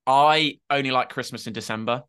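Bright-voiced chatty man. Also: medium pitch, brisk, clean tone. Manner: chatty, self-mocking, lots of "like" fillers. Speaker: podcast co-host. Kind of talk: casual chat.

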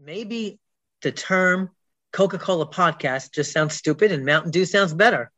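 Joking man with a slightly high voice. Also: moderate pace, sharp tone. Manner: joking, self-deprecating. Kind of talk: casual chat.

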